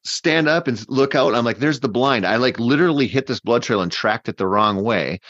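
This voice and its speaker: A man casually telling a long story in a rambling, animated way, full of fillers and restarts. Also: mid-range voice, fairly quick, no echo. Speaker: podcast guest hunter. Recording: dull, dry podcast mic.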